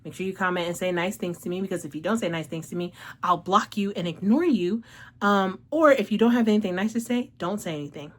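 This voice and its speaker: A woman's voice: mid-range voice, fast. A woman hosting a casual book review vlog, gushing and emotional, peppering her talk with "like" and swearing, a little out of breath. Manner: gushing, emotional, heavy use of "like", profanity, laughs a lot. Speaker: book reviewer and channel host.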